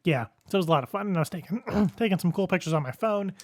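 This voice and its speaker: A man's voice: high voice, expressive, rapid-fire, a little mellow, dry recording. A young man hosting a podcast alone, telling a rambling story in casual chat, often chuckling at himself. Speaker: podcast host.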